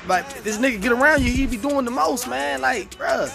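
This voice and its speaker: Vlog host, young man, high voice, profane animated rant over background music. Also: moderate pace, gravelly. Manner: profane, animated, streetwise slang. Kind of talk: casual rant to camera. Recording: music playing under the voice.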